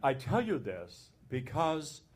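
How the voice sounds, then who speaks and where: A man who is an abbot, telling an anecdote in a conference talk and recounting the dialogue in an unhurried way. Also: on the high side, big pitch swings, slightly rough.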